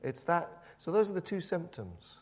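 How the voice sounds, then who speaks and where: A man's voice: on the high side, big pitch swings, normal speed, darkish tone. A man preaching a sermon, telling the story animatedly with many repeated words and restarts.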